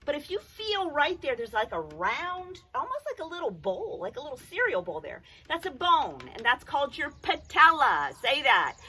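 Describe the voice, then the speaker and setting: A woman teacher giving a children's phonics lesson, speaking clearly and encouragingly and breaking into song with the kids. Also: sits high, huge pitch swings, normal speed, bright, forceful tone.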